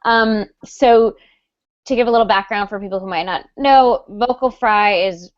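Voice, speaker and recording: A woman guest speaking in a casual live video chat, chatty and animated with frequent ums. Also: medium pitch, moderate pace, clear, resonant tone, no room sound. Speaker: guest author. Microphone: video call. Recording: dull lo-fi online call audio.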